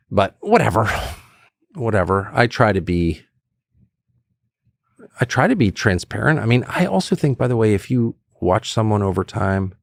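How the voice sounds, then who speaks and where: A man's voice: fairly low pitch, creaky, dry recording, studio quality. A man in his fifties, a guest telling stories in a conversational interview and acting out quotes. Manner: animated storyteller who acts out quotes.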